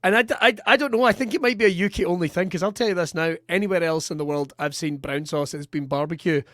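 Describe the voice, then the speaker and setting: Scottish man, podcast host, jokey banter, fairly high voice, dry close sound. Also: fast, a bit bright, no echo. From Scotland. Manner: jokey, mock voices for effect. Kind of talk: casual podcast chat.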